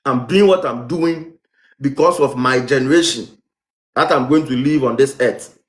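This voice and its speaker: A man's voice: medium pitch, moderate pace, echoey room. A man with a Ghanaian accent giving a heated vlog commentary, repeating rhetorical questions and hammering his points. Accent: Ghanaian English. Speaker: vlogger. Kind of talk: impassioned commentary monologue.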